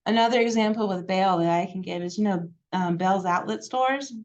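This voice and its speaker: A woman's voice: mid-range voice, a little fast, a little mellow, lo-fi sound. A woman presenting on genealogy at a library, in a chatty, digressive way with many fillers.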